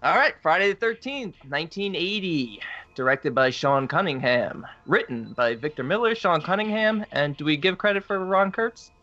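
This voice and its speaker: Wry bright-voiced male co-host. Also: fairly high pitch, expressive, moderate pace, highs cut off. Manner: wry, teasing, laughs easily. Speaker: podcast co-host. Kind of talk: casual chat.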